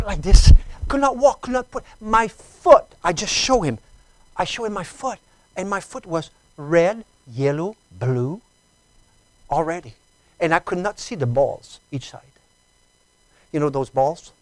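Brief: native French speaker with an accent, mid-pitched, emotional testimony preacher, halting delivery, hushed to loud, dry recording. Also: dry recording, rough recording. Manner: storytelling, repeats words, stammers, swings from hushed to loud.

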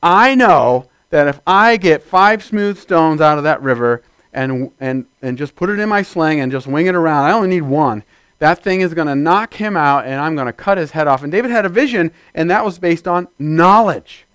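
A man's voice: fairly high pitch, moderate pace, clear, resonant tone, no echo. Fiery preaching man, dry close sound. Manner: energetic preaching, bursts into loud shouted amens. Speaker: pastor. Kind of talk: sermon.

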